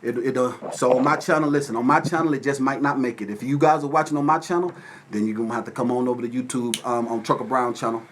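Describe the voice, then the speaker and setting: A man from Atlanta, Georgia, hosting a casual livestream from his phone at home and shouting out viewers by name. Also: mid-range voice, fairly even intonation, quick pace, a little hiss or hum. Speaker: livestream host. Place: at home with windows open.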